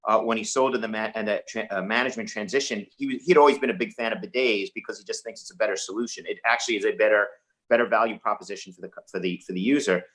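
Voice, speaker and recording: A man with a New York accent, telling an investment anecdote on a webinar panel. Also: lowish voice. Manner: fast, animated storytelling with restarts.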